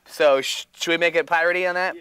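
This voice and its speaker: Bright, fairly high man, playful and jokey in a casual interview. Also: fairly even intonation, fast, clean tone, dry recording. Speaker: voice actor interviewed about a game.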